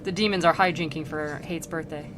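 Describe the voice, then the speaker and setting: A woman's voice: low-pitched, steady tone, fairly quick, a bit bright, a little hiss or hum. Giggly young woman streamer, bubbly chat. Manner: bubbly, giggly, full of likes, acts out characters in silly voices. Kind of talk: casual comedic chat about a classic poem. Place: home streaming setup.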